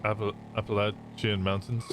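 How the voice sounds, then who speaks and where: Chatty young Midlands Englishman, lowish voice. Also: flat delivery, normal speed, background noise. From England. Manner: chatty, swearing, stumbling over words. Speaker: streamer. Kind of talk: casual chat with viewers.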